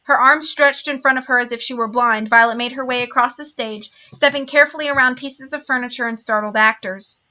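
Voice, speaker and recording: A woman's voice: on the high side, fairly even intonation, a little fast, few pauses, bright, forceful tone. A woman reading a novel aloud with wry, dramatic storytelling. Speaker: reader.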